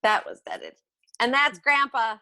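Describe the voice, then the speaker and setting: A middle-aged woman recites a personal monologue with measured, emotive delivery. She talks slowly, leaving long pauses, and her voice sits fairly high. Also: wildly swooping pitch, bright, forceful tone. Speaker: monologue performer.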